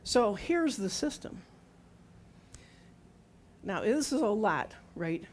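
A woman's voice: medium pitch, very animated, takes it slowly, slight background noise. Woman in her sixties, sermon, testimony style, talks straight to the congregation, acts out quotes. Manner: conversational, testimony-style, asks the audience questions; acts out her own and God's words in quoted lines. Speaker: preacher.

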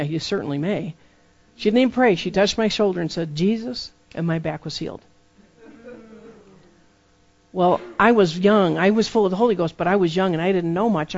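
A preacher giving a sermon full of personal testimony, telling the stories lively and acting out the dialogue. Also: medium pitch, muffled recording. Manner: lively storytelling that acts out dialogue.

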